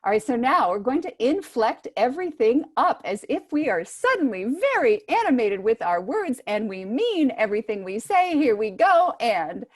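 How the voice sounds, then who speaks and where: A woman voice teacher giving brisk, encouraging instructions to singers in an online workshop, heard over a video call microphone. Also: a little high, very animated. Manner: brisk, encouraging coaching with spoken demonstrations.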